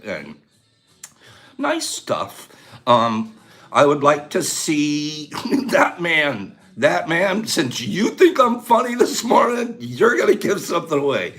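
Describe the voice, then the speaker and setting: An older American man hosting a casual livestream, chatting playfully with viewers and breaking into excited shouts. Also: slow, soft background music. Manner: playful, jokey, swings from low mumbles to excited shouts. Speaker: host of a mushroom livestream.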